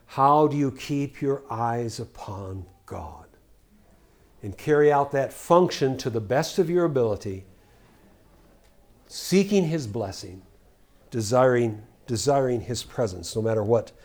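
Older man, sermon teacher, earnest, asks rhetorical questions, loud on verses, soft on reflections. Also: medium pitch, animated, a little slow. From United States. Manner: earnest, rhetorical questions, swings between loud scripture reading and quiet asides. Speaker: preacher.

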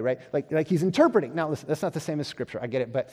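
Conversational pastor in a reverberant hall. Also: male voice, fairly high pitch, quick pace, few pauses. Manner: conversational and animated, acting out quoted voices; self-deprecating humor. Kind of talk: sermon.

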